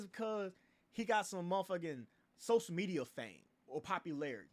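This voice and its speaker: A man's voice: sits high, very animated, normal speed. A young man hosting a livestream, ranting in a casual, profane way with laughs and repeated filler phrases. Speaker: livestream host.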